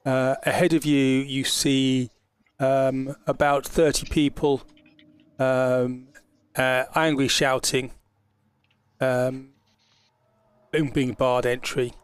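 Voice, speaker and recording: A man narrating as game master of an online tabletop game, halting with frequent fillers. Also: medium pitch, flat delivery, clear, resonant tone, no echo.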